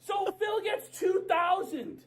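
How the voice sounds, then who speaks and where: Very high-pitched ranting woman, slow. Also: very noisy. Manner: shouting, profane, mock outrage. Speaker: commentary video creator. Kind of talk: ranting commentary video.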